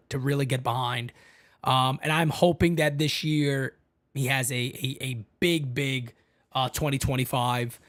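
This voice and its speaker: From her home setup, a woman with a low voice hosts a fan channel's casual live-stream sports chat. Excitable and chatty, she keeps addressing the audience as "man" and "folks."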